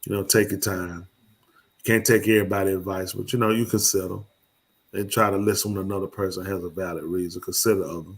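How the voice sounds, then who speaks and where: A man hosting a call-in show, giving relationship advice and telling animated stories in casual chat. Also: fast. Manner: animated storyteller, jumps high when telling stories. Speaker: podcast host.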